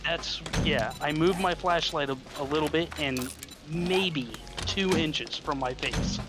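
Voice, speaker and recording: A man chatting casually with a friend on a stream, telling a lively story in a blunt, quick way. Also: a little high, over music.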